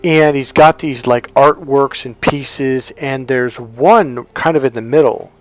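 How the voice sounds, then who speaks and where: A man's voice: mid-range voice, slow pace, no echo. A man, a self-help coach and hypnotherapist, talking casually to camera and telling a rambling story in which he acts out the lines of the people in it.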